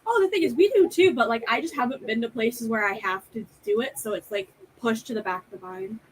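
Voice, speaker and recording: A woman's voice: a little high, fairly quick, slight background noise, rough recording. A woman co-hosting a casual live stream, wry and a little self-conscious.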